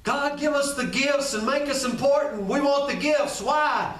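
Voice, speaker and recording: A pastor delivers a sermon in a very high voice at a measured pace, his tone a bit bright. He talks conversationally, repeating phrases and addressing his listeners directly. The recording sounds echoey, with the mic placed far from him.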